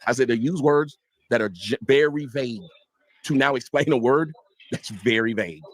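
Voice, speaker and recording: A man's voice: mid-range voice, normal speed, no echo. A middle-aged man on a podcast arguing insistently, recounting what he said before to defend his point. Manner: insistent, retelling his own words to prove a point. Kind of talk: heated debate.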